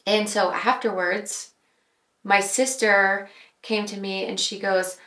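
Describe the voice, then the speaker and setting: A woman guest on a podcast, sharing a personal faith testimony in an earnest, reflective way, with pauses and fillers. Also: mid-range voice, flat delivery, fairly bright tone. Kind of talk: personal testimony in casual chat. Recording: roomy echo.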